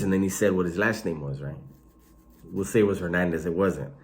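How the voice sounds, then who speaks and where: A man casually telling stories about prison life in a slangy, animated way, swearing freely. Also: deep voice, a little fast. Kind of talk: casual storytelling.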